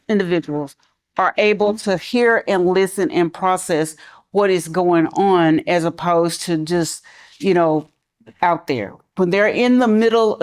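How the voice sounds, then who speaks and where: A middle-aged woman who works in schools, speaking conversationally on a panel and softening her voice for examples. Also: lowish voice. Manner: conversational, relaxed, drops to a soft calm voice for examples. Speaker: school mental health professional. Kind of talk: panel talk.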